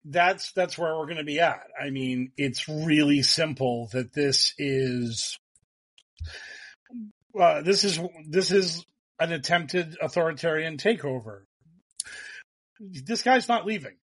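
A man's voice: fairly high pitch, slow, pauses often, fairly bright tone. A man in casual political chat, sarcastic and mocking, swearing freely as a podcast co-host.

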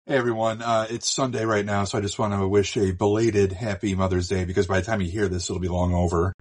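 A middle-aged man co-hosts a casual podcast in a low, husky voice. His humor is dry and self-mocking, and he stammers a little as he talks. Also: little pitch movement, fast. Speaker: podcast co-host. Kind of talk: casual comedic podcast chat.

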